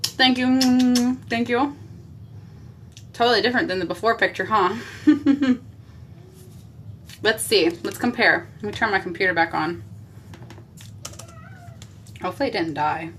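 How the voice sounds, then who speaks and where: A woman's voice: mid-range voice, normal speed, long pauses, a bit bright, a little hiss or hum. A woman chatting on a live makeup stream from a small basement bathroom, talking into a phone camera and answering viewer comments as she goes. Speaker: makeup livestreamer. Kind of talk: casual live-stream chat.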